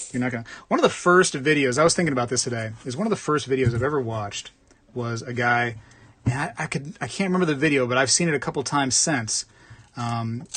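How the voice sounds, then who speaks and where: A man's voice: mid-range voice, a bit bright, a little hiss or hum. A man hosting a casual livestream from the United States, rambling while he reads comments, repeating himself and laughing often. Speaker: coin roll hunting livestream host.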